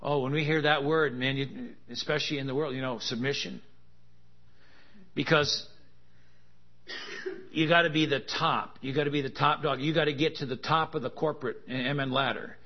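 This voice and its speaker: A man's voice: fairly high pitch, steady tone, normal speed, long pauses. A man preaching a sermon, with joking, laughing asides and emphatic contrasts that build in intensity. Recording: dull lo-fi sound.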